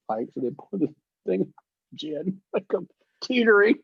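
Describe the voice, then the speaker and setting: A man spinning profane anecdotes in a lively, laughing way, his voice sitting a little high for a man. The recording is dry and slightly muffled, close and free of room sound. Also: moderate pace, creaky, slightly rough, dry recording. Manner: animated, profane, laughing through his stories. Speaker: guest, actor and effects artist. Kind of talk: casual anecdotal storytelling.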